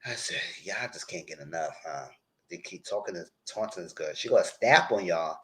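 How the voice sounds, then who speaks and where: As a TV recap host, a man runs a casual live recap, retelling scenes in a loose, animated way and quoting the characters as he goes. He has a low voice and a normal speaking speed.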